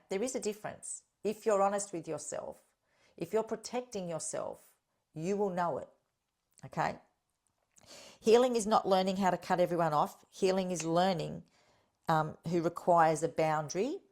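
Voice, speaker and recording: A woman talks straight to her listeners in a solo podcast monologue, earnest and direct with an encouraging pull. Her voice sits a little low for a woman. She keeps checking in with a quick "okay?" as she goes. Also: a little mellow. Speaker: podcast host and healing coach.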